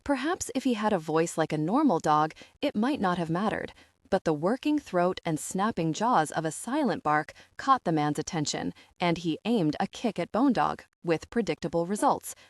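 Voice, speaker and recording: A woman reading an audiobook as its narrator, expressive and voicing each character. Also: lowish voice, normal speed, dry recording, studio quality. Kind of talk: scripted narration.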